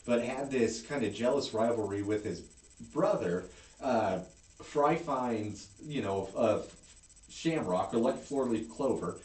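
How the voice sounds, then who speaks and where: Low-voiced guy on a beer podcast, swears a lot, sounds far off in an echoey room. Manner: swearing, animated storytelling. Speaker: podcast co-host. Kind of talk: casual beer-tasting chat.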